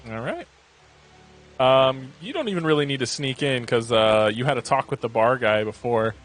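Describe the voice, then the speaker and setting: Relaxed male game master. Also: medium pitch, normal speed, soft background music. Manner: relaxed, with fillers. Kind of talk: narrating a tabletop game.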